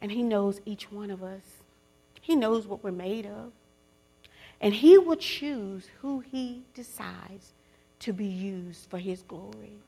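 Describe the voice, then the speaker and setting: A woman giving a testimony sermon to other women. She swings from loud preaching to hushed whispers and calls on listeners to repeat after her. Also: mid-range voice, expressive, takes it slowly, vocal fry, slightly rough. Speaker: speaker at a women's gathering.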